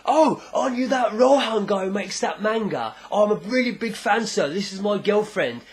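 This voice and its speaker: A man's voice: high voice, brisk, pitched above the performer's own voice, close to an everyday voice. A man voicing a rude, brutish young tough guy who is pushy and brash.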